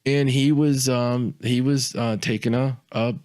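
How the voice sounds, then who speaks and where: Man, podcast co-host, casual chat, rambling, repeats himself, lively when quoting. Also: medium pitch, a little slow.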